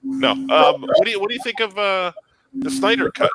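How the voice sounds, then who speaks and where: A man's voice: sits high, animated, moderate pace, background noise. A man co-hosting a podcast livestream over a video call, teasing the others and poking at the topic. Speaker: podcast co-host. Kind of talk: casual banter on a livestream. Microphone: video call mic.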